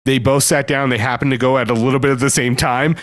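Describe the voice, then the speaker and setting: A man's voice: mid-range voice, fairly even intonation, fast, a bit bright, dry recording, clean studio sound. A man hosting a podcast, joking around with plenty of swearing. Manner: profane, joking. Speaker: podcast host. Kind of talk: casual chat.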